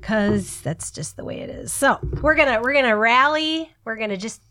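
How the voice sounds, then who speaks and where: A middle-aged woman co-hosting a podcast in casual chat, animated and laughing often, swearing freely, with a cough. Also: sits high, normal speed. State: has a cough. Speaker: podcast co-host.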